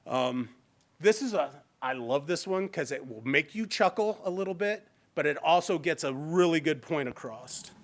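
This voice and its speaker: A man's voice: on the high side, expressive, normal speed. A man with a Midwestern American accent giving a live fair housing training in a library meeting room, talking conversationally and acting out quoted examples.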